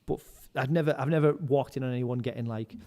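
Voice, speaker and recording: A man in his thirties chats as a podcast guest, spinning loose backstage anecdotes and leaning constantly on fillers. His voice sits at an ordinary middle pitch. The room around him is reverberant, with a long echo trailing each phrase. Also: steady tone, fast talker, darkish tone. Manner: rambling storyteller, heavy use of "like". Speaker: podcast guest, live music stage manager. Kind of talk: casual anecdotal chat. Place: indoors, podcast recording.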